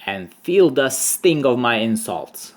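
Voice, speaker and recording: A man voicing a tiny, brave and clever ant in a children's storybook, with a high, squeaky voice. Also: very animated, takes it slowly. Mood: bold.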